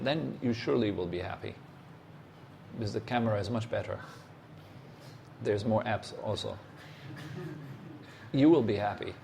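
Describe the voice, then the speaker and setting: Gravelly-voiced guy teaching meditation, slow, asks you stuff straight out, faint noise behind. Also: fairly low pitch, darkish tone. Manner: questions the listener directly and challenges them; short, unhurried phrases with pauses. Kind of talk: meditation talk.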